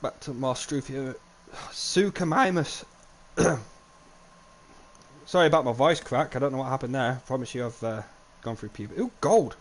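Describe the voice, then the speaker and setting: A young man narrates his game live, chatting away, swearing freely and jumping into loud excited reactions. His voice sits at an ordinary middle pitch, with a faint low hum behind him. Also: fast, few pauses. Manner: chatty, swears often, bursts into excited outbursts. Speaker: livestreamer. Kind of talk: live gameplay commentary.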